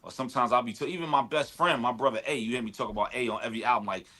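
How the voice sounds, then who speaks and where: A man's voice: medium pitch, rapid-fire, sharp tone. A man, a guest rapper talking in a casual interview, laid-back and talkative with lots of "you know what I mean.". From Brooklyn, New York. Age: 40s.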